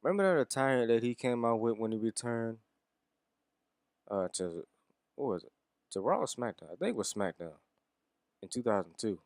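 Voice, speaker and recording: A man's voice: medium pitch, sing-song, moderate pace, gravelly, pauses often, darkish tone, no echo, clean studio sound. A man giving a casual, rambling wrestling review, swearing and chuckling as he goes.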